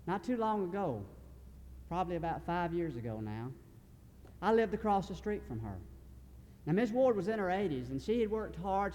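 A man's voice: high voice, darkish tone, slight background noise. A man preaching a sermon in a large hall. He speaks earnestly in a folksy way and often restarts his sentences. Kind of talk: sermon storytelling.

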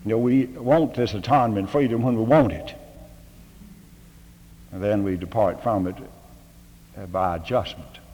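A man's voice: lowish voice, normal speed, pauses often, a little mellow, a little hiss or hum. An older man, giving a homespun, humorous address to a seminary faculty, full of fillers and rhetorical questions. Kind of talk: folksy sermon-style address. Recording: long hall reverb.

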